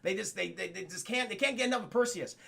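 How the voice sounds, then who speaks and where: A man recaps a movie on his stream in a loose, profane ramble, constantly turning to address his chat. His voice sits high for a man, with a bright, gravelly rasp. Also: fast. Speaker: streamer and film reviewer. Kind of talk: casual live-stream film recap.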